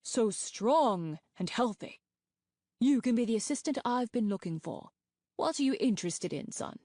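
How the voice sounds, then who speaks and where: A woman voicing an eager, talkative male scientist dragon who rambles proudly and excitedly. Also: on the high side, normal speed, no room sound, studio quality, pitched above the performer's own voice.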